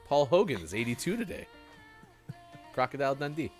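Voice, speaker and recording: A man's voice: mid-range voice, moderate pace, soft background music. A man hosting a morning show, chatting casually and joking with a co-host in a rambling way. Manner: lively, joking, rambling delivery. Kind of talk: casual live-stream radio chat.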